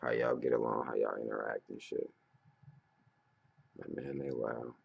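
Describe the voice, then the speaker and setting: A man in his thirties giving a profane, rambling casual monologue as a vlogger, breaking into loud animated outbursts. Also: rumbling low, normal speed, vocal fry, slightly rough, lo-fi sound. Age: 30s.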